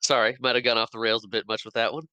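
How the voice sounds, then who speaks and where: A man's voice: medium pitch, little pitch movement, racing, bright, forceful tone, clean tone, lo-fi sound. A man co-hosting a movie podcast who laughs often and playfully disagrees. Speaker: podcast co-host. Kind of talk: casual movie chat.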